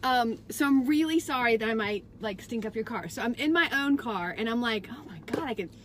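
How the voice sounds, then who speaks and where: High voiced lady telling a funny story on a car livestream, animated. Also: fairly quick, slight background noise. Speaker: co-host of a live stream. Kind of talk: casual storytelling. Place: parked car.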